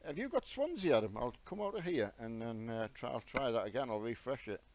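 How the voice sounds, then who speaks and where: A middle-aged gaming streamer chats casually with his viewers by name, poking fun at himself as he plays. His mid-range voice is expressive and brisk. The recording sounds dull and lo-fi, with loud truck noise from the game.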